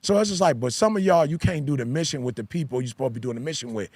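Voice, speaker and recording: A man's voice: mid-range voice, animated, very fast, a little mellow, no room sound. A man who is a pastor and podcast host, talking in a casual discussion with an emphatic, repetitive preaching cadence. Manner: emphatic, repeats key phrases like a preacher.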